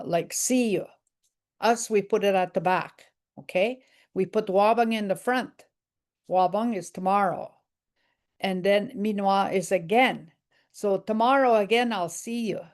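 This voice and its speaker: Slow, patient older woman teaching language. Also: mid-range voice. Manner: slow, patient, repeats phrases aloud. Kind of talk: language lesson.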